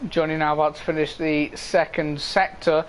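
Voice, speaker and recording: A man's voice: a little high, completely flat delivery, normal speed, slight background noise. A man commentating live on an online racing league, casually reading standings and chatting with viewers. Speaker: esports race commentator.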